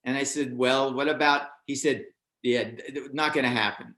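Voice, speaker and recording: An older American man recounts his early comedy days in a relaxed interview. He talks in an animated way, his pitch leaping up whenever he quotes someone else. The sound carries a roomy echo. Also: normal speed. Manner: animated, acts out other people's lines with raised voice. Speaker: stand-up comedian guest. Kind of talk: storytelling anecdote in a casual interview.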